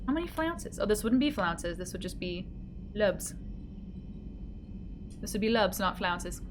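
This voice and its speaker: A woman's voice: medium pitch, animated, measured pace, noisy background. A woman streamer chatting casually with her live chat, giggly and playful as she reads messages aloud.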